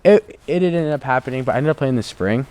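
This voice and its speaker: A young adult from the US, guesting on the show, speaks fast in a mid-range voice. His storytelling is casual and animated, leaning heavily on the word "like."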